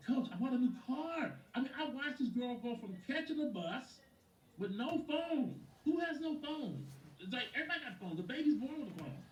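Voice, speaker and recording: A man who is a sales coach gives a lively motivational training talk, telling stories about clients and acting out their words. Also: very high voice, moderate pace, muffled recording, slight background noise. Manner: animated storyteller, acts out quotes, addresses a listener by name. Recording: roomy echo from a distant mic.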